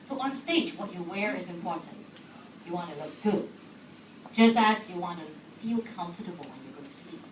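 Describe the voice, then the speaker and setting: Animated woman speaking in an echoey hall. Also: on the low side, moderate pace. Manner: animated, asks the audience questions, laughs often. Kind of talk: lively talk to an audience. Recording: echoey hall recorded from far off, background noise.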